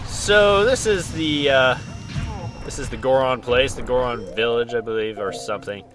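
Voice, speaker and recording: A man's voice: medium pitch, normal speed, over music. A man hosting a casual let's-play, joking around and talking to the characters on screen. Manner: goofy, jokey, talks to the characters on screen. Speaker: gaming channel host.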